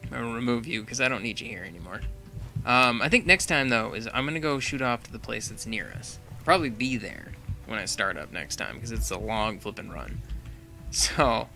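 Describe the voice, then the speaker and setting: A young man with a bright, forceful voice chats loosely over his gameplay, thinking out loud and often breaking into laughs. Faint music sits behind him. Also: mid-range voice, animated, moderate pace, creaky. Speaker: gaming channel host. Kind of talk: casual gameplay commentary.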